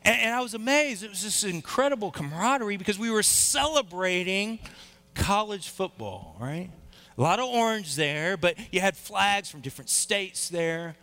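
Bright, high-voiced animated preacher man. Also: moderate pace. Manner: animated storyteller, acts out quoted voices. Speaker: pastor. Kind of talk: sermon with personal story.

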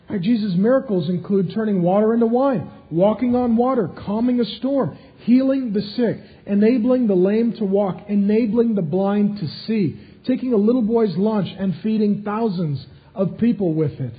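A man preaching with a high, lifted voice, hammering his points home through repetition. The sound is dull and slightly muffled, as if from a modest recording. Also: moderate pace. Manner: emphatic, repeating key phrases for stress. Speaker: pastor. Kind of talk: sermon.

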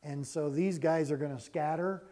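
A male pastor delivering a sermon in a slightly high but mellow voice. He reads scripture aloud and then teaches, leaning on key words for emphasis. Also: steady tone, moderate pace.

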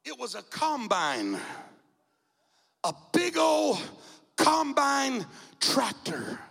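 A male bishop preaching a sermon in a church, telling a story dramatically and shouting out the key phrases. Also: very high voice, wildly swooping pitch, drawn-out words, creaky, pauses often. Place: church sanctuary. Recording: long church reverb.

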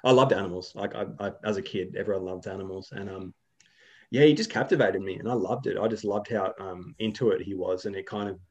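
A man's voice: low voice, quick pace, darkish tone, slightly rough, lo-fi sound. A young Australian man chatting casually as an interview guest, rambling with lots of fillers and restarts. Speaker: guest, video creator.

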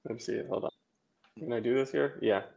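A man of medium pitch chatting as a podcast guest. He cracks irreverent jokes in loose, casual banter. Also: quick pace, vocal fry, a little mellow, dull audio. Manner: joking, irreverent.

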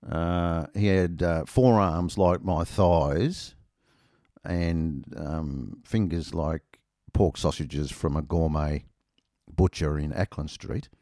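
A man's voice: low-pitched, slow pace, warm tone, dry recording, studio quality. A middle-aged Australian man telling a rambling, self-mocking anecdote in casual chat, full of ums and uhs.

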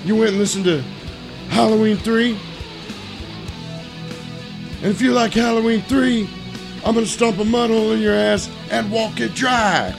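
A man putting on the voice of a menacing male pro wrestler, growling slow threats. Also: high voice, creaky, music in the background, voice pushed up. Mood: menacing swagger.

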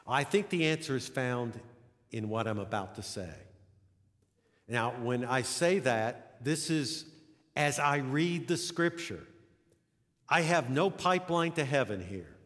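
A man's voice: medium pitch, lively intonation, a little slow, fairly bright tone. A middle-aged man, a pastor, preaching a sermon, telling a story and building to emphatic peaks. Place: church sanctuary. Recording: long hall reverb.

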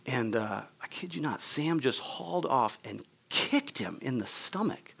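A man's voice: medium pitch, lively intonation, unhurried, vocal fry, fairly bright tone, breathy edge. A man preaching a sermon, telling a personal story in a casual, conversational way and acting out the people in it. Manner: conversational, many "like" and "right?" asides. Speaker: pastor.

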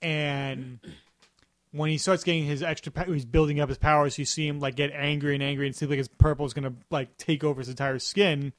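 Guy cohosting a podcast, kinda high voice, rambles and restarts a lot, dry close mic. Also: little pitch movement, a little fast, no room sound. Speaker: podcast co-host. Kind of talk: casual chat.

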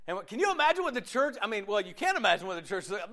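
A man leading a sermon discussion, animated, laughing often and acting out little voices as he talks. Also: high voice, fast. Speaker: pastor.

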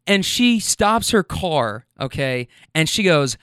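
Profane storytelling man, dry and clear. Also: sits high, unhurried, hardly any pauses, no echo. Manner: profane, animated, laughs often. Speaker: podcast host and rideshare driver. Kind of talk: casual storytelling.

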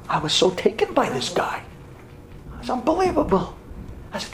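A man's voice: very high voice, big pitch swings, normal speed, long pauses, echoey room. A man giving a Torah class, telling a story and acting out both sides of the dialogue.

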